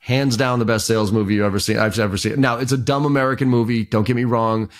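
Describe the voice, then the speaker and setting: A man's voice: mid-range voice, fast. Man retelling a story with energy. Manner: animated storyteller, many fillers and restarts. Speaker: sales trainer and guest. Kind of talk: casual podcast interview.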